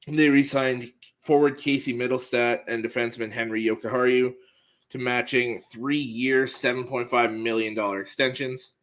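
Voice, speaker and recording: A man running through sports headlines on a podcast in a plain, matter-of-fact way, with the odd filler. His voice is mid-pitched and bright. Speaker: co-host reading the news. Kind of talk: casual sports news rundown.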